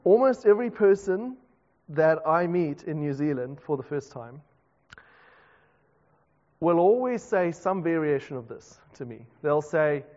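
A man's voice: fairly high pitch, lively intonation, unhurried, pauses often, a little mellow. A South African man, a pastor, preaching a conversational sermon with self-deprecating asides. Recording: dull reverberant hall recording.

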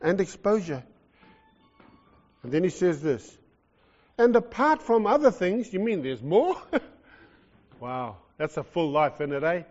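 New Zealand male preacher, fairly high voice, lively and joking, dull muffled sound. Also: unhurried, long pauses, in a large hall. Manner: animated, jokey, swings from loud to soft. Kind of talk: sermon. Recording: lo-fi muffled recording.

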